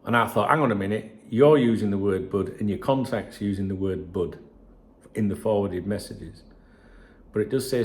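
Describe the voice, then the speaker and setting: A man's voice: lowish voice, moderate pace, darkish tone. A man hosting a football channel, reading out messages and chatting to viewers in a sweary, rambling way. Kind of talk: casual solo commentary reading messages.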